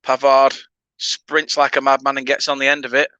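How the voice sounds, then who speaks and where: Northern english bloke chatting over a footy match, bright tone, dry close mic. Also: male voice, medium pitch, completely flat delivery, normal speed, clean tone, no echo. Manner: chatty banter with viewers, laughing asides. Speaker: fan channel host. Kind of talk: casual watchalong commentary.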